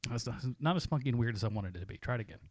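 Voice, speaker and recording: A man's voice: medium pitch, lively intonation, racing, darkish tone, no echo. A man co-hosting a casual movie podcast, rambling with many restarts and frequent laughter. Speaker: podcast co-host. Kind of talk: casual chat.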